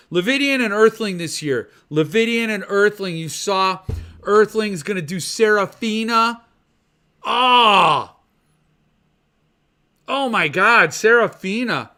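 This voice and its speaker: A man hosting a casual livestream, rambling and gushing excitedly while chatting with viewers. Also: fairly high pitch. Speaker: podcast host. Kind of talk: casual livestream chat about book collecting.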